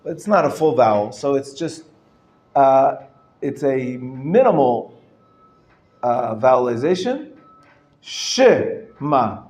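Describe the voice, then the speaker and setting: A male rabbi teaching a live class, explaining patiently and sounding words out slowly, often clearing his throat and chuckling. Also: medium pitch, lively intonation, a little mellow. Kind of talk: live classroom lesson on Hebrew reading. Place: lecture room. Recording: roomy echo from a live class.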